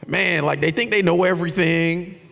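A man preaching a lively, conversational sermon, shouting out his key points. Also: high voice, moderate pace, creaky, long reverb tail. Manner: animated and conversational, with shouted emphasis. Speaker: pastor.

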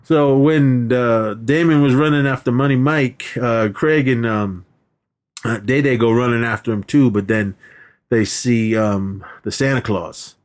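A man's voice: mid-range voice, measured pace. A man co-hosting a podcast, retelling a movie plot in a rambling, casual way with many restarts. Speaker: podcast co-host. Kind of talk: casual chat.

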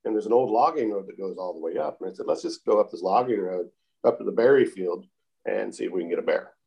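Calm, unhurried man telling a story. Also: lowish voice, creaky. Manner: calm, unhurried, repeats "I said" often. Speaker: interview guest telling a story. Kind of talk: casual storytelling.

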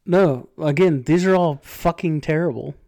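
A man's voice: on the high side, moderate pace, a little mellow. A man co-hosting a podcast, wry and sarcastic, swearing casually while chatting about a film. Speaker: podcast co-host. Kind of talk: casual movie review chat.

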